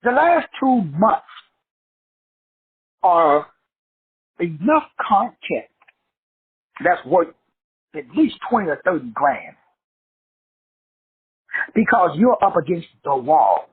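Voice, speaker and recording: A man with a very husky, raspy voice and a high pitch that swings up and down a lot. He talks to his listeners like a preacher, blunt and full of swearing, in an animated motivational monologue. The sound is thin and phone-like, and it is dry. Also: takes it slowly, pauses often. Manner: preachy, blunt and profane, addresses listeners directly. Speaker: host of a self-help show. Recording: tinny phone-like dry audio.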